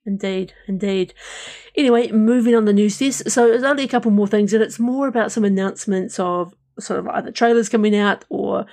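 A New man co-hosting an entertainment podcast, talking in a loose, rambling way full of fillers. His voice has a gravelly, creaky edge. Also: sits high, brisk. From New Zealand. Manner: relaxed, rambling with fillers and restarts. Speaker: podcast co-host. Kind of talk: casual chat.

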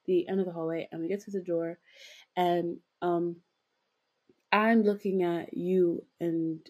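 Young female podcast co-host, low warm voice, giggly and rambling, filler-heavy casual storytelling. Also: fairly even intonation, measured pace.

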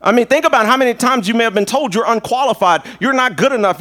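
A man preaching a lively live sermon as pastor, playful and animated, acting out little voices and jokes. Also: very high voice, fast.

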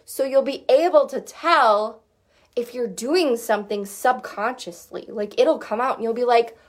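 A woman's voice: on the high side, a little slow. Chatty woman vocal coach. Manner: chatty, lots of fillers, sings short demo notes. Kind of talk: casual teaching chat.

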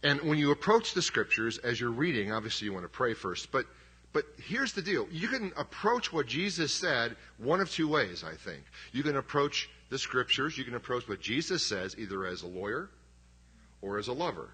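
Husky, lively middle-aged male preacher. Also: mid-range voice, normal speed. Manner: conversational, emphatic, self-deprecating humor. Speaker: pastor. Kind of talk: sermon.

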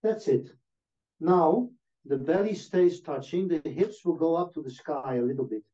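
A man calmly talking someone through a relaxation and stretching exercise, step by step. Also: fairly high pitch. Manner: calm, slow step-by-step instructions. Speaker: movement teacher. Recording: dull lo-fi sound.

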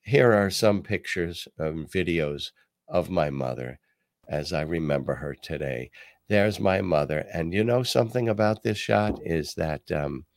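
An older man hosting a talk podcast, telling stories and reading quotes in a casual, animated way. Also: low-pitched, no room sound, studio quality. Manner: animated, reads quotes aloud, pauses with ums. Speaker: podcast host. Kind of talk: casual commentary and storytelling.

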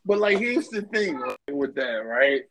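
A man's voice: a little high, sing-song, unhurried, a bit bright, poor audio. A man co-hosting a casual wrestling podcast, ranting bluntly with lots of profanity. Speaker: podcast co-host.

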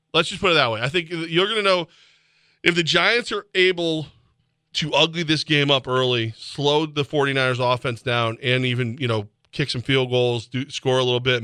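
An excitable sports radio host, a man who rambles and laughs his way through casual banter. His voice is bright and forceful, recorded dry and close in a studio. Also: fairly high pitch, dry recording. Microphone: studio microphone.

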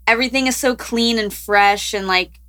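A woman's voice: on the high side, moderate pace, sharp tone. A woman co-hosting a podcast, chatting casually and rambling through science news with frequent laughs.

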